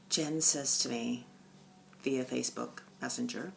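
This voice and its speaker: Low-voiced woman, animated storyteller. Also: unhurried, slight background noise. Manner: animated storytelling, swings from loud bursts to hushed asides. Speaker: stitching vlogger. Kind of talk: casual chat. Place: at home.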